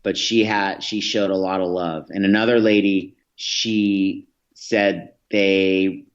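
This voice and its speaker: A man's voice: sits low, flat delivery, slow, highs cut off. A man, a podcast guest, telling reflective stories in an interview, with many restarts and fillers. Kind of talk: storytelling in an interview.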